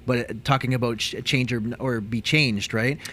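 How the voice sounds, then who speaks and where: A male co-host chats casually on a talk show and keeps things moving with short agreeing replies. His voice has a bright, sharp edge. A faint background hiss sits under the talk. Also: medium pitch, steady tone, moderate pace.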